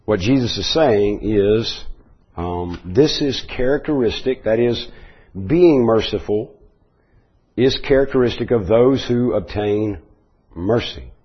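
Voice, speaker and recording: Husky guy preaching, slow explaining tone, kinda dull lo-fi sound. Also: lowish voice. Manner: measured, explanatory, with restarts and asides. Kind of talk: Bible teaching sermon.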